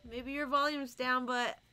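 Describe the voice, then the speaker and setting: A woman chatting casually on a live stream while she draws, sleepy and soft-spoken, rambling to herself. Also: high-pitched. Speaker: artist livestreaming her drawing. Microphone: desk microphone.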